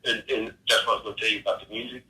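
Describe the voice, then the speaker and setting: Man, homeowner, hesitant and rambling, sharp bright timbre, heard from far off in an echoey space. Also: on the low side, flat delivery, racing. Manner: hesitant, rambling with many fillers. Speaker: homeowner describing a haunting.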